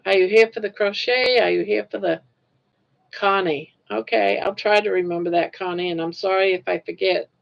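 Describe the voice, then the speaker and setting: A woman's voice: mid-range voice, steady tone, moderate pace, creaky. An older woman host chatting casually with livestream viewers while crocheting, rambling and laughing easily. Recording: lo-fi livestream audio.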